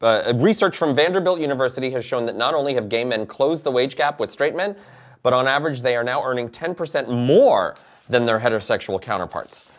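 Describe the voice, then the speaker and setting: A man hosting a podcast, introducing a news item. He reads in a plain, mid-pitched voice and stumbles, filling gaps with ums and uhs. The delivery stays conversational. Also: lively intonation. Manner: halting, with many fillers while reading. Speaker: podcast co-host. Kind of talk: casual chat, reading news items.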